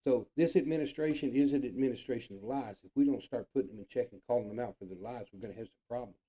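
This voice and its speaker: Dark-voiced, profane, ranting man. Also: mid-range voice, fast, breathy edge. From United States. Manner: profane, blunt and indignant, repeating points for emphasis. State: frustrated. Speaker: show host. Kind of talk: political rant monologue.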